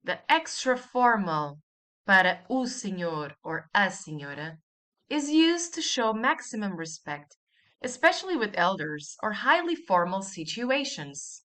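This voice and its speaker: A woman's voice: medium pitch, big pitch swings, a little slow, a bit bright. A woman teaching a language lesson, patiently repeating each example and asking the listener to say it after her.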